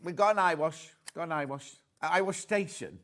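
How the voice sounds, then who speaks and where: A British man hosting live TV sales, talking in a chatty, rambling way that keeps doubling back on itself. His voice sits a little high for a man. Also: brisk, fairly bright tone. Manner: chatty, repeats words, reads out viewer messages. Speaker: shopping channel presenter.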